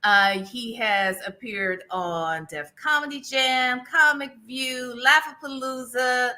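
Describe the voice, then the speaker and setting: Bright-voiced woman hosting a livestream. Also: high-pitched, slow. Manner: chatty, playful teasing, laughs often. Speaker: host. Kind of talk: casual livestream interview.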